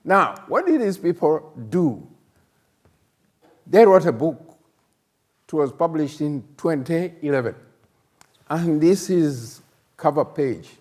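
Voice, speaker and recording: An older man from Uganda, a professor hosting a plenary session, speaking in a halting way with many fillers and emphatic rhetorical questions. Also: fairly high pitch, expressive, darkish tone. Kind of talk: conference plenary talk.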